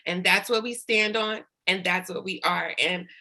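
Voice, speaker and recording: A woman's voice: on the low side, steady tone, moderate pace, sharp tone, rough recording. A woman leading her sales team on a video call, preaching with faith and fighting back tears. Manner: preachy, faith-filled, tearful. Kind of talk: emotional team call speech.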